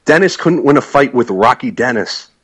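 Husky male co-host, lively swinging pitch, sardonic storyteller. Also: normal speed, poor audio. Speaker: podcast co-host. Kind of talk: casual banter.

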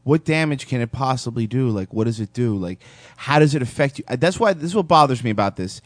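A man hosting a comedy podcast, talking in a crude, sarcastic, animated way. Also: medium pitch, quick pace, no room sound. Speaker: podcast host. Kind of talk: casual comedy chat.

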